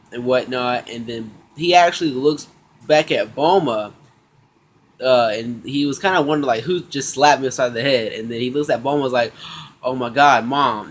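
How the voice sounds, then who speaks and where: A man casually recapping an anime episode, slangy and excitable, acting out the characters' lines in quick bits. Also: medium pitch. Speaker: anime review vlogger.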